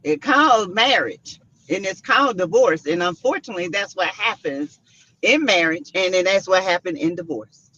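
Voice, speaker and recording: Sassy woman with a bright, muffled voice. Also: lowish voice, animated, normal speed, husky, no echo. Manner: opinionated, sassy asides. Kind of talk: casual reality TV gossip chat. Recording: dull, muffled sound.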